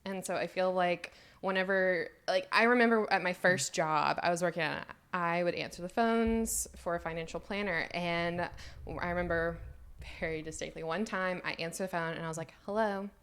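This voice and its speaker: A woman from Mississippi with a Southern accent, chatting as a podcast guest. Her voice sits somewhat low. She tells her story in a relaxed, conversational way. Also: normal speed, clean tone. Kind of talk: casual podcast chat.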